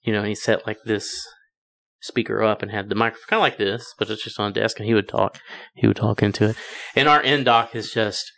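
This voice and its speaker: A man's voice: fairly low pitch, steady tone, fairly quick, creaky, fairly bright tone. A man joking and teasing in casual chat among friends, with plenty of swearing. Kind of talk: casual banter.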